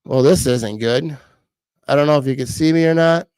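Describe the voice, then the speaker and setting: Man, thirties, live-stream host, rambling, laughs a lot, slightly high voice, dry sound. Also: normal speed, a little mellow, clear, resonant tone, no echo, low-quality recording. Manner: rambling, laughs often, repeats words. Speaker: livestream host reading comments. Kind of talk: casual live-stream chat.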